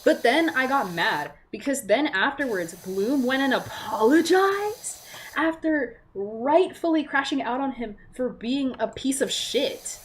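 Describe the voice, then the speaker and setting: Young woman, casual gamer-vlog rant, swears a lot, pitch swings wildly, faint noise behind. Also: unhurried. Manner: animated, profane, rants with filler "like". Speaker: vlogger.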